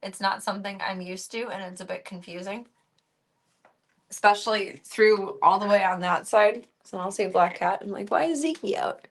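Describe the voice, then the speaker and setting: A woman's voice: medium pitch, little pitch movement, normal speed. A woman streamer chatting casually and rambling as she moves around her home, slipping into baby talk with her cats. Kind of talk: casual live-stream chat.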